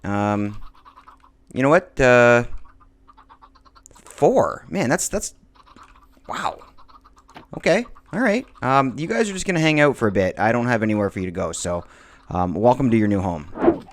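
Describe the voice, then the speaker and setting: A man with a mid-pitched voice chats loosely as he plays and builds in a game. He rambles, trails off and restarts his sentences, keeping things relaxed and conversational. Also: measured pace, long pauses. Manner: chatty, rambling with frequent fillers and restarts. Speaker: Minecraft let's-play host. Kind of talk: casual gameplay commentary.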